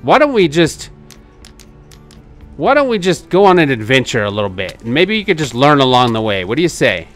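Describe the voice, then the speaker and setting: A man giving excitable gameplay commentary as a channel host, laughing often and coaxing the other players with reassurance. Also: medium pitch, fairly quick, faint music behind.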